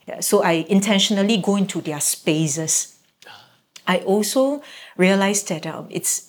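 A middle-aged woman, a guest parent telling stories casually and acting out quoted reactions. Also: lowish voice. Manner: animated, acts out quoted reactions. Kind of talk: casual conversational storytelling.

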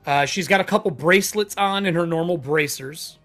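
Halting male game master. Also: on the high side, fairly bright tone, faint music behind. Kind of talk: narrating a tabletop game.

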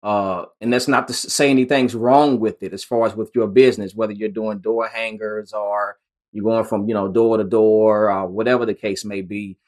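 A man's voice: lowish voice, steady tone, moderate pace, a little mellow. A man in casual conversation, telling stories about his lawn care business in an easygoing way, with frequent restarts. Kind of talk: casual chat.

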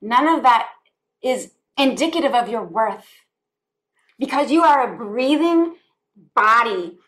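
Earnest, heartfelt woman, higher voice. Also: animated, measured pace, pauses often, fairly bright tone. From United States. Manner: earnest and heartfelt, repeats phrases, laughs often. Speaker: guest, spiritual life coach. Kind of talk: conversational podcast interview.

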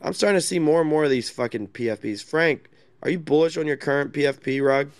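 A gravelly-voiced man hosting a loose online chat. He sounds mocking and brash, with constant swearing, and the sound is dry with no room echo. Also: a little high, fast. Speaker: host.

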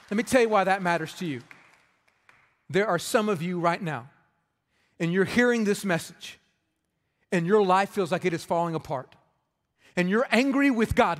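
A man in his thirties, a pastor preaching a sermon, impassioned and rising to loud emphatic peaks. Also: sits high, lively intonation, normal speed, long pauses. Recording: long reverb of a large hall.

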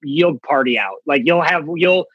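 A male comedian telling a story in casual chat, animated and acting out voices with big jumps in pitch. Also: normal speed, no echo, dull audio.

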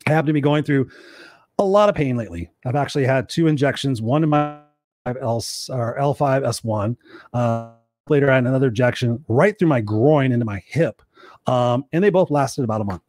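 A man's voice: medium pitch, fairly quick, a little mellow. A middle-aged man hosting a motivational talk show, speaking emphatically and repeating his key points for viewers. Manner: emphatic, repetitive, acts out quoted voices.

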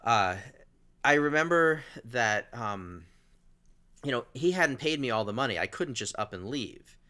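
Guy with a bright punchy voice rambling through an old story, lots of ums and restarts. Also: medium pitch, lively intonation, measured pace. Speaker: guest telling a story. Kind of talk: casual chat.

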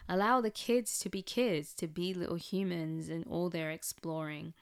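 A woman's voice: fairly low pitch, fairly even intonation, moderate pace, gravelly, clean tone. A woman reflecting on raising her nieces in candid personal chat, with plenty of "like" and "um". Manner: candid, chatty, with frequent "like" and "um".

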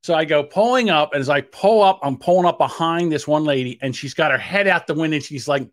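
A man's voice: on the high side, fast, no room sound, clean studio sound. A man co-hosting a casual podcast, telling rambling stories and acting out the people in them. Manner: animated, acts out voices in his stories. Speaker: podcast co-host. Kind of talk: casual chat, storytelling rants.

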